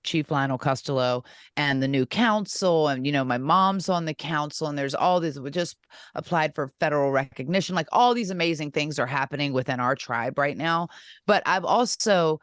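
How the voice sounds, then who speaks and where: Smooth-voiced woman in earnest chat. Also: sits low, moderate pace, dry recording, clean studio sound. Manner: earnest, rambling with many fillers. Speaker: co-host and wrestling champion. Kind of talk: casual podcast chat.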